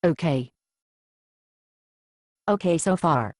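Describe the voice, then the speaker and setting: A woman's voice: deep voice, animated, takes it slowly, darkish tone, no echo, heavily acted. A woman acting as a frank churchgoing friend who counsels with blunt, dry teasing in an amateur Bible drama. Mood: matter-of-fact.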